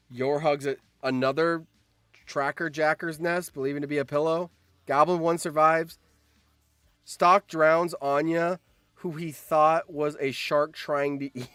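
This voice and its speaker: A young man streaming, reacting to a game, excitable and swearing, with sudden shouts. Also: a little high, no room sound.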